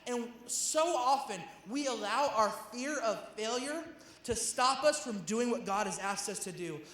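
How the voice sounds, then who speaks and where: A youth pastor preaches in a casual, slangy way, teasing the crowd between points. His voice sits high for a man. A long reverb trails after him in the hall. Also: fairly bright tone. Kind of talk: sermon. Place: church hall with youth audience.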